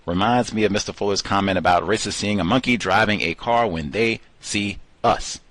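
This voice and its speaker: Low-voiced sardonic male host. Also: moderate pace, fairly bright tone, dry recording. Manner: sardonic asides between read passages. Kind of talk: reading aloud and commenting in a call-in study session.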